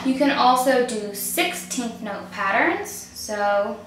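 Woman harp teacher, calm step-by-step explanation, slightly high voice, very echoey room, distant from the mic, harp behind her. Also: takes it slowly, loud music behind the voice. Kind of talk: instrumental lesson demonstration. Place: room where she plays the harp. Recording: roomy echo, voice from off mic, harp playing.

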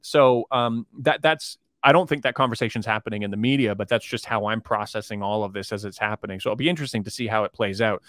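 Fast-talking man, rambling political commentator. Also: lowish voice, a bit bright, no room sound, clean studio sound. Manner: fast, rambling, with many restarts and fillers. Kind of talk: podcast interview. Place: based in China.

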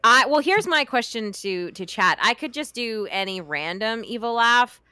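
A woman's voice: a little high, animated, moderate pace, bright, forceful tone, clean tone, no room sound. A woman guest in casual podcast chat, playful and teasing.

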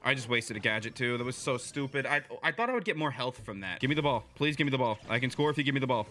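A young gaming video creator gives excitable, quick, chatty play-by-play commentary on his own match. He swings between low mumbling and loud yelling at his teammates, with slight background noise in the recording.

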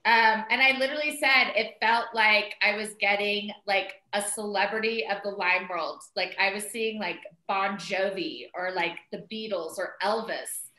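A middle-aged woman telling a story in casual conversation, animated and chatty, full of "like" and "um" fillers as she quotes herself. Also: mid-range voice, normal speed, few pauses. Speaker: interview guest, mother of the co-founder. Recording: roomy echo.

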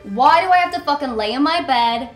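A woman voicing a tough, foul-mouthed New York girl with a New York accent, brash, loud and exasperated. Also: high-pitched, animated, a little fast, roomy sound, soft background music, pitched above the performer's own voice.

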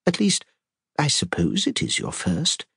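A man voicing an elderly woman sleuth who speaks softly, politely and apologetically. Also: medium pitch, huge pitch swings, a little slow, gravelly, breathy edge, dry recording, clean studio sound, voice pushed up, exaggerated voice. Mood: gentle, apologetic. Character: elderly spinster sleuth, gentle and fluttery.

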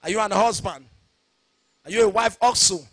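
A man preaching a sermon, shouting his points and slipping into a sing-song cadence. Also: sits high, moderate pace, no echo. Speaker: pastor.

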